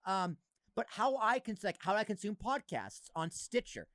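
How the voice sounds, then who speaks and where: A man's voice: high voice, sing-song, moderate pace, a bit bright, no echo. A man in his thirties hosting a podcast, chatting casually and animatedly, with lots of fillers and some swearing. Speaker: podcast host. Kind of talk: casual chat.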